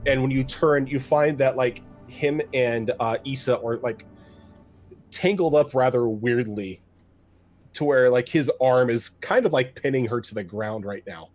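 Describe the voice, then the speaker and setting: A man's voice: medium pitch, a little slow, darkish tone, faint music behind. A man narrating a tabletop game as game master, casual and full of fillers. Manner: casual, with many fillers and laughs.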